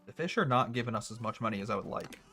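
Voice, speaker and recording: Chatty young man thinking out loud. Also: medium pitch, expressive, rapid-fire, gravelly, soft background music. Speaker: gaming streamer. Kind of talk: casual let's-play commentary.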